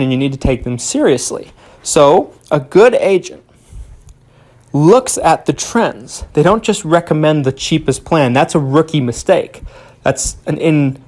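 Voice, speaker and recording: Young male podcast host, a touch high-pitched, earnest and emphatic, folksy direct address. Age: young adult. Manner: earnest, emphatic, addresses listeners as folks, repeats words when restarting. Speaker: podcast host, Medicare insurance agent. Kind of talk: solo podcast talk.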